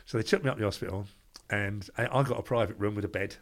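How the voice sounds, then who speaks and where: An older man with a London accent, a guest telling stories briskly and acting out the dialogue. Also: fairly low pitch. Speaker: guest, former doorman. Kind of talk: anecdotal storytelling.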